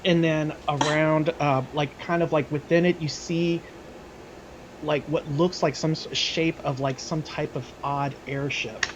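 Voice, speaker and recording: A man serves as game master, voice sitting a little high for a man. He paints the scene in loose, unhurried bursts, circling back to find the right words. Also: fairly even intonation, lo-fi sound, noisy background. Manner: describing scenes with many fillers and restarts. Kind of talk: narrating a tabletop game.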